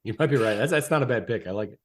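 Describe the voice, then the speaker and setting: A man's voice: mid-range voice, animated, racing. A man with a mid-range voice co-hosts a casual sports podcast. He is chatty and teasing, often laughing as he talks. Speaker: podcast co-host. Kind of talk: casual sports betting chat.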